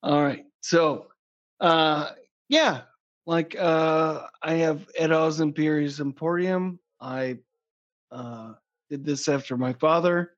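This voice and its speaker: Slow-talking joking man, lo-fi sound. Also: a little high. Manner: joking, crude, rambling. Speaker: podcast guest. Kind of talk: casual chat. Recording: dull lo-fi sound.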